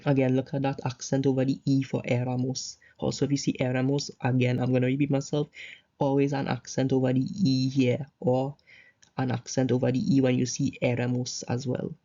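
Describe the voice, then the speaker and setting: Brief: male tutor, mellow dark voice, loose rambling explanations, lo-fi dull recording. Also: mid-range voice, monotone, fairly quick. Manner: loose, repetitive explaining with fillers. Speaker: Spanish tutor. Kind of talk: casual recorded grammar lesson over slides.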